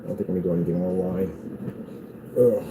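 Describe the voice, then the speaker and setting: A man speaks in a low-pitched, steady tone at a quick pace, with a noisy background. Running a small business, he rambles casually in a workshop vlog and taunts his critics, mocking haters in a sing-song voice.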